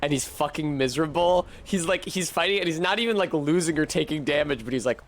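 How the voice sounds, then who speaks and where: A man's voice: on the high side, fast talker, slight background noise. A man streaming a video game, giving casual, profane commentary, talking back to the game and to his chat.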